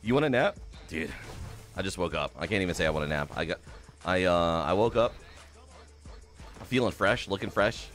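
Low-voiced, excitable male game streamer. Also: moderate pace, pauses often, soft background music. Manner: profane, excitable, greets chat by name. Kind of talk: live-stream commentary.

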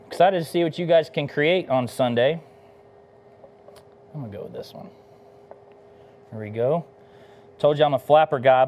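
A middle-aged Texas barbecue pitmaster hosts a live cooking demo, chatting casually between bites in a laid-back, enthusiastic way. His voice sits at medium pitch and is a little mellow. There's slight background noise.

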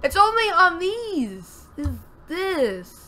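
A woman giving casual gameplay commentary, excitable and talking to herself, with loud frustrated outbursts. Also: very high voice, slow. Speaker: let's play gamer.

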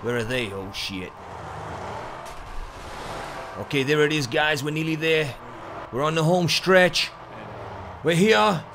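A man giving excited gameplay commentary, cheering and whooping at his wins. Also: on the high side, normal speed, background noise. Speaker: gaming commentator.

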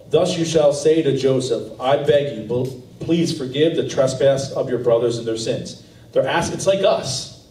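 A man preaching an earnest, conversational sermon, with a mellow, dark tone. He stands back from the mic in a roomy church sanctuary, captured on a live recording with faint background hiss. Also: medium pitch, recorded from a distance. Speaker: pastor.

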